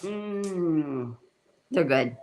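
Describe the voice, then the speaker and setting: With a deep, expressive, slightly mellow voice and drawn-out words, a woman cooks while hosting a livestream and chatting casually with viewers. She rambles, laughs often, and restarts herself; the audio is poor with slight background noise.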